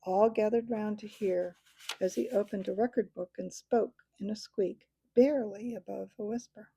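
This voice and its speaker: Woman with a gravelly, dark reading voice. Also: mid-range voice, fairly even intonation, a little slow, no echo. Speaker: audiobook reader. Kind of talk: storybook narration.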